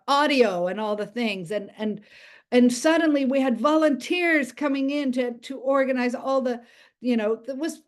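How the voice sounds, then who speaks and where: A woman with as her telling a faith story in English, halting and restarting as she acts out the voices of others. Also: high-pitched. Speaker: speaker sharing a testimony. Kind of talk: spoken testimony.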